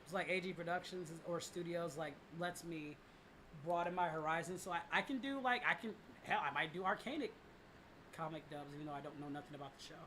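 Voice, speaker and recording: A man's voice: fairly high pitch, fairly quick, sharp tone, a little hiss or hum. A young man hosting a casual livestream, rambling with many fillers and restarts and swearing freely. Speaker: livestream host and voice director.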